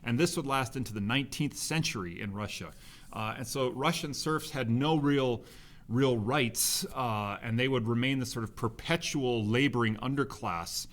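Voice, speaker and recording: A man's voice: medium pitch, moderate pace, a bit bright. A man giving a recorded history lesson, conversational, with many fillers and restarts. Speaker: history teacher. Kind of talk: recorded classroom lecture.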